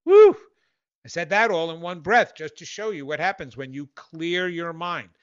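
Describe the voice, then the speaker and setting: A man's voice: fairly high pitch, moderate pace, pushed and bright, smooth, no room sound, dull audio. A male host giving a casual self-help talk, rambling and correcting himself in a playful way.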